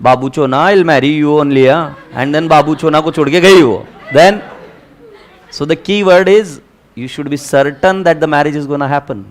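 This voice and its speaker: A middle-aged Indian man teaches an accounting class in a high, lively voice. He speaks Indian English, drops into Hindi now and then, and keeps asking the students whether they follow. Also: rapid-fire, a faint crowd. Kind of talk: classroom lecture.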